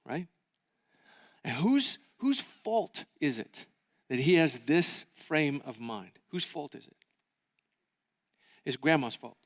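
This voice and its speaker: A high-voiced man preaches to a conference crowd, telling a story with lots of energy and acting out the voices of its characters. His voice rings out with a long reverb from the church hall. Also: slow, pauses often. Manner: animated, acting out quoted voices. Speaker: pastor. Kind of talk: sermon storytelling.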